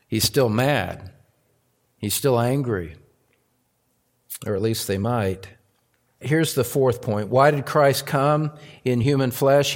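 Male pastor, sermon, unhurried delivery, mid-pitched voice, earnest, repetitive phrasing. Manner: earnest, repeats phrases, swells loud on key words.

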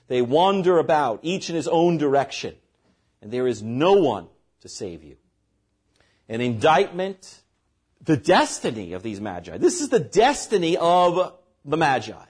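A man's voice: a little high, darkish tone, slightly rough. A man preaching a sermon as pastor, reading scripture aloud and breaking in with short asides to the congregation.

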